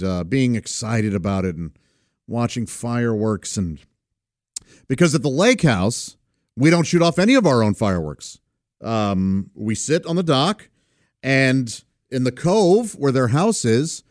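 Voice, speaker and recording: A middle-aged man tells a relaxed personal story in a lively, animated voice that rises and falls freely. He halts often on "uh" fillers and chuckles between phrases. The sound is dry and close. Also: mid-range voice, no room sound. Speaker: vlogger. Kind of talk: casual storytelling.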